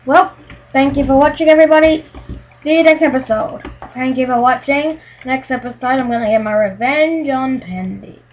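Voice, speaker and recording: A woman hosting a gaming video, talking through her play in a casual, excitable way and yelling when frustrated. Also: sits high, normal speed, poor audio. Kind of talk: casual game commentary.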